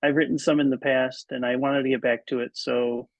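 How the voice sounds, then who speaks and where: A man who is a writer and editor, speaking as a podcast guest in a halting way with many ums and restarts. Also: medium pitch, little pitch movement, dry recording. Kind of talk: casual interview chat. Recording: dull, muffled, dry audio.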